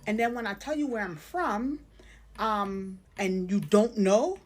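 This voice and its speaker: A woman from the Caribbean speaks in a social media clip with an emphatic, explaining manner. Her voice sits at an ordinary middle pitch for a woman. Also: unhurried.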